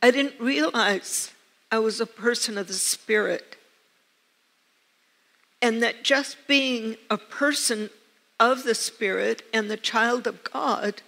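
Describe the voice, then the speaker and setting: A woman's voice: fairly high pitch, pushed and bright. An older woman preaching a sermon, telling personal stories with earnest, emphatic repetition. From United States. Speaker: pastor. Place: church sanctuary. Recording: long church reverb.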